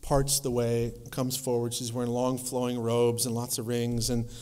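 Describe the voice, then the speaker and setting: A man lecturing at a conference, telling anecdotes in a lively way and acting out the voices of the people in his stories. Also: mid-range voice, normal speed, clean tone, in a large hall. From North Dakota.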